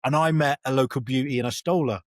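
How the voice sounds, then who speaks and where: A veteran guest from England speaks quickly in a mid-range voice with no echo. His casual interview chat is rambling and talkative, with lots of restarts as he corrects himself.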